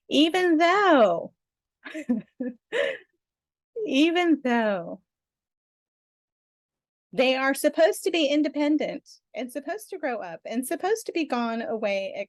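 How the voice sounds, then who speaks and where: A middle-aged woman leading a guided self-help tapping session, gentle and affirming, with frequent small laughs. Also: on the high side, no echo, studio quality. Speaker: tapping practitioner guiding parents.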